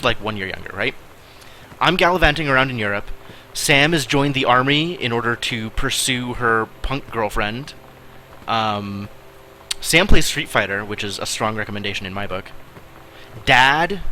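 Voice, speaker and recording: Wry, bright-voiced man streaming a game. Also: mid-range voice, slight background noise. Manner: wry, musing asides with quiet mutters. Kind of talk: casual gameplay commentary.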